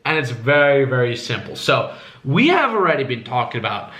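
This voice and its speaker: A man coaching in casual talk, animated, swearing freely and acting out different tones with high squeaky swoops. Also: fairly quick. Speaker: dating coach.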